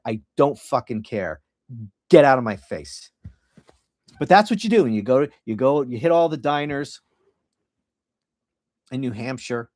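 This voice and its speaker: A man's voice: fairly high pitch, no room sound, studio quality. A middle-aged man hosting a political podcast livestream, ranting bluntly and profanely with frequent restarts.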